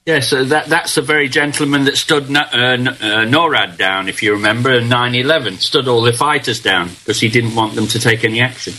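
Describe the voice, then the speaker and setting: An older man from Britain recounts his memories as an interview guest, earnest and reflective, often pausing and restarting. His voice is bright and forward in tone at an ordinary pitch. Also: rough recording. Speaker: guest, veteran. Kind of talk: casual storytelling in an interview.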